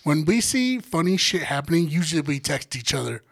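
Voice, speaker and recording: A man's voice: fairly high pitch, big pitch swings, brisk, creaky, fairly bright tone, slightly rough. A man co-hosting a podcast, trading wry, profane, laid-back banter. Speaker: podcast co-host. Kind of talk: casual storytelling chat.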